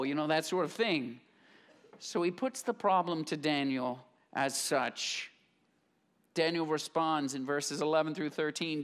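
A male pastor preaches a live sermon in a church, swinging his pitch up and down as he tells a Bible story. He slips into casual voices for its characters and reads scripture more slowly and quietly. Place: church sanctuary, live congregation.

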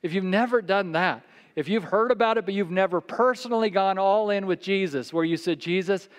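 A man preaching a sermon as pastor, telling a story and dropping to a soft, quiet voice for quoted words. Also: sits high, a little fast, clear, resonant tone. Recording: long reverb of a large hall.

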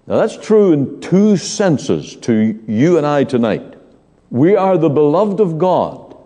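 A man preaching an evening sermon in a church, slow and emphatic with dramatic pauses. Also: medium pitch, dark tone. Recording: long church hall reverb.

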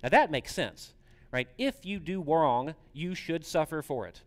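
A pastor preaching a conversational sermon, putting questions to the congregation. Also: male voice, fairly high pitch, expressive, a little slow, in a large hall.

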